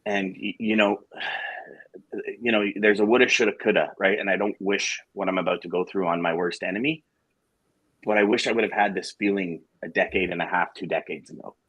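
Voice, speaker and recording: A man's voice: low voice, fairly even intonation, moderate pace, a bit bright, husky, dry recording, rough recording. A man co-hosting a live show, talking to listeners frankly and with emotion, with blunt swearing and jokes. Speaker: co-host of a live sales morning show. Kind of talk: candid casual talk to listeners.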